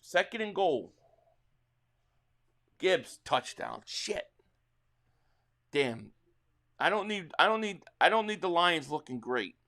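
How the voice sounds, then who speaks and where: Male stream host, high-pitched, slightly worn voice, excitable play-by-play reaction. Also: moderate pace, hardly any pauses. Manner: excitable play-by-play calling, reading viewer chat. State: slightly losing his voice. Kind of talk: live sports reaction stream.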